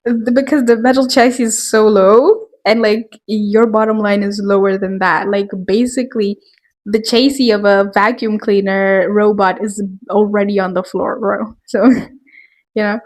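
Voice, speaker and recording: Woman vlogger, casual chat, laughs a lot, loose filler-filled talk, medium pitch. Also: steady tone, measured pace. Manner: chatty, laughs often, many filler words. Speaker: video host. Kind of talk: casual commentary vlog.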